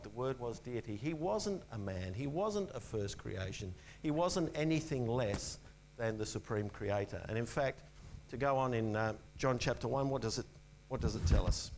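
A man preaching a sermon in an earnest, emphatic way, repeating key phrases and dropping to a soft low voice on the important ones. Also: expressive, moderate pace, a little hiss or hum, rough recording.

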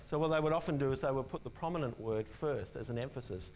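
Man, preacher, sermon, earnest and emphatic, repeats key phrases, goes soft and low for emphasis, faint hum. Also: quick pace, poor audio.

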